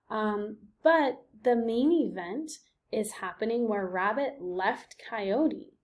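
A woman teaching a recorded reading lesson for young students. Her voice sits a little high, and she explains step by step in a patient way. She keeps checking in with her listeners. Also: slow pace. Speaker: elementary school teacher.

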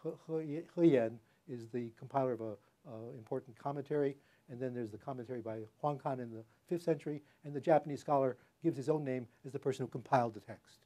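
An older man giving an academic public lecture in a hall, speaking haltingly with many fillers and restarts. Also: mid-range voice, warm tone.

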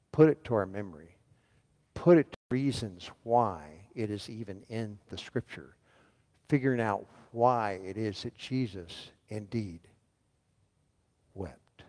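In a reverberant church sanctuary with a long hall echo, a man preaches a sermon in a mid-range, darkish voice, urging the congregation to respond and say verses back to him.

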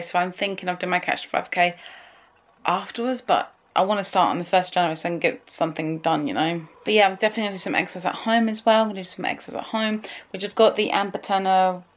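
A woman's voice: lowish voice, steady tone, fast. A young woman chatting casually at home for her vlog, rambling and emotional, often trailing off mid-thought. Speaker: vlogger.

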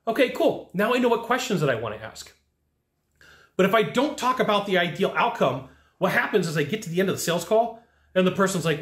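Fast-talking, energetic man in an echoey room. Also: high-pitched. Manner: energetic and amped up; conversational, acting out quick dialogues. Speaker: sales trainer and channel host. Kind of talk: casual talking-head video lesson.

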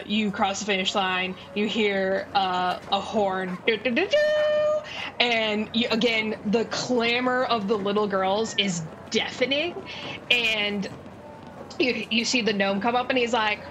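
Chatty and giggly, a woman narrates a tabletop game as dungeon master, using lots of fillers. Her medium-pitched voice is slow with fairly even intonation, and there's background noise plus background music.

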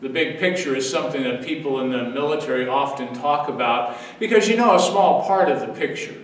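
A man's voice: medium pitch, a little fast. A man in his seventies, a pastor giving a daily devotional sermon, telling the story earnestly and repeating phrases for weight. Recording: echoey room, distant mic.

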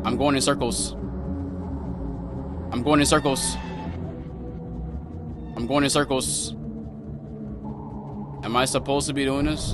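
This gaming channel host, a young man, speaks a little slowly and pauses often as he plays a horror game, voicing his thoughts to viewers and yelping when startled. His medium-pitched voice is fairly bright and fairly even in intonation, over game music.

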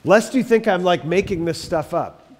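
A man's voice: sits high, normal speed. A man, a pastor, giving an emphatic, conversational church history lecture to a live group. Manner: animated, emphatic, conversational with the room. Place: church hall with long reverb. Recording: echoey hall reverb.

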